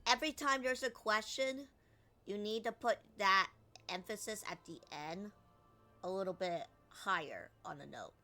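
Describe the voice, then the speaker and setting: A woman's voice: medium pitch, moderate pace, sharp tone, soft background music. A woman streamer commenting on a game, chatty and acting out lines herself. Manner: chatty, critiques and re-reads lines.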